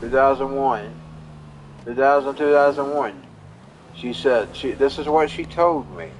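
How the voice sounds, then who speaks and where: A man's voice: medium pitch, unhurried, slight background noise, rough recording. A man telling a long personal story in a casual, rambling way while live streaming, often repeating and restarting his words. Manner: rambling, folksy, repeats himself.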